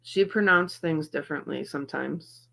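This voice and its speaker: This middle-aged livestream host, who reacts to videos, talks casually and greets her viewers by name despite some pain and feeling slightly off. Her deep voice is gravelly, bright and forceful, moving at a moderate pace.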